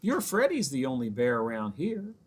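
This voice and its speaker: Man putting on a brisk storybook mom, high chiding voice, husky, animated. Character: brisk, dismissive storybook mother.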